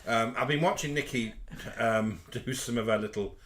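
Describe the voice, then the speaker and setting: A man's voice: mid-range voice, moderate pace, a bit bright. A man co-hosting a live chat show, gossipy and theatrical in casual talk.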